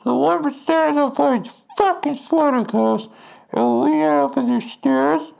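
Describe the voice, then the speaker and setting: A man imitating a young woman protest leader shouting angrily into a megaphone. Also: unhurried, creaky, exaggerated voice, poor audio. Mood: rallying. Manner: shrill, furious rallying.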